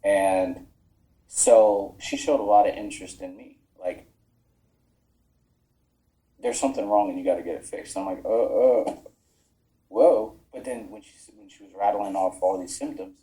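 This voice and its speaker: A man's voice: lowish voice, a little slow, pauses often, mellow, low-quality recording. A man, an army veteran, telling his story in a casual, frank way on a podcast, swearing freely and acting out the dialogue he quotes. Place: podcast studio.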